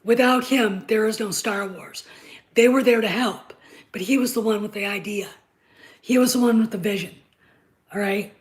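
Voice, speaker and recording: A woman's voice: mid-range voice, moderate pace, low-quality recording. A woman hosting a live stream, lecturing her chat insistently, repeating her points and checking in with "okay?".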